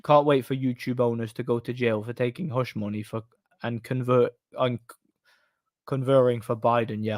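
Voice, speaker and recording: A man's voice: fairly low pitch, a little mellow, no room sound, studio quality. A man streaming live, chatting casually and answering chat in a rambling way, laughing often.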